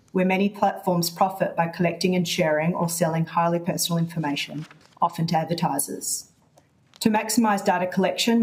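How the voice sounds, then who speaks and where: A woman, a charity policy director, reading a measured, prepared opening statement over a video call. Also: fairly low pitch, darkish tone, rough recording.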